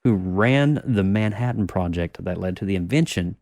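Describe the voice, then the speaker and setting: A man's voice: low-pitched, normal speed, no echo, clean studio sound. A man in his thirties hosting a podcast, chatting casually and laughing with his co-hosts as he leads the show. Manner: animated, laughing, swearing banter. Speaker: podcast host. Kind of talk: casual chat.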